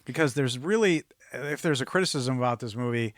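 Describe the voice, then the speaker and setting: A man co-hosting an independent movie podcast, recapping scenes in a loose, rambling way. His voice sits at a middle pitch. It is recorded dry and close, with no room sound. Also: fairly quick, no echo. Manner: chatty, rambling recaps with laughs. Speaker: podcast co-host. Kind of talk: casual movie review chat.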